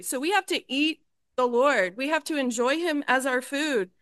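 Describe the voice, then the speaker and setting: A woman chats through her testimony at a church meeting, talking easily and loosely with little pauses and fillers. Her voice is high and bright, recorded dry and close. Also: clear, resonant tone, dry recording. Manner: conversational, with fillers. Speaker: church member sharing in a meeting. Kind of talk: casual testimony.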